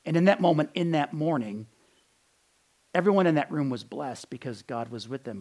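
A middle-aged man giving a sermon in an earnest, conversational way, often repeating words as he restarts and going soft on quotes. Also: on the high side, very animated, a little fast. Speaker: pastor.

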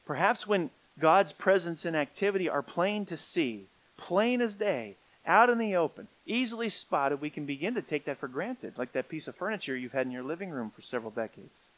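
A middle-aged man preaching a sermon, swinging from quiet, low stretches up to emphatic peaks. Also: animated, normal speed, few pauses, low-quality recording. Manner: rising to emphatic peaks, then dropping quiet. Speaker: pastor.

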